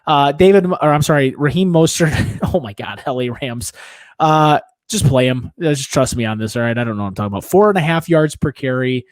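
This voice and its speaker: A man's voice: mid-range voice, expressive, a little fast, no echo. A man co-hosting a casual fantasy football show, rambling and jokingly correcting himself as he talks. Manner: rambling, self-correcting, jokey. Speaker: podcast co-host. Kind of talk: casual sports talk.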